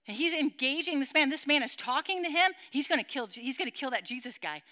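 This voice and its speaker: A woman with a high voice and a very bright, sharp tone leads a Bible study for a group. She tells the story dramatically, acts out its sound effects and keeps asking her listeners questions. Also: animated, fast talker. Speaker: Bible teacher. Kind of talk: animated Bible teaching to a group.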